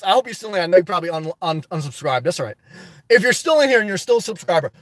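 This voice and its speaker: Male livestream host, very high pitch, animated and preachy, dry close mic. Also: no echo. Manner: rambling, preachy and animated, laughs often. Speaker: livestream host reading viewer chat. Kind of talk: casual live chat.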